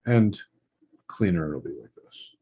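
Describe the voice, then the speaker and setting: A man's voice: low voice, lively intonation, measured pace, warm tone, slightly rough, low-quality recording. A man teaching a lesson on writing letters, talking through each stroke as he draws it, in short trailing phrases. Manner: thinking aloud while drawing letters, short trailing phrases. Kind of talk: relaxed instructional demonstration.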